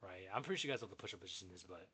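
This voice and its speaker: A young man telling a story in a casual, animated, profane way, jumping between asides. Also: low voice, very fast, breathy edge. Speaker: vlogger.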